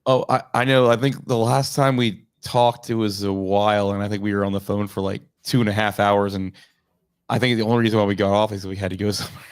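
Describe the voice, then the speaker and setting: A man's voice: lowish voice, little pitch movement, fast talker, clean tone. A man chatting casually as a guest on a live stream, in an easygoing, laid-back way. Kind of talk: casual chat. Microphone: streaming mic.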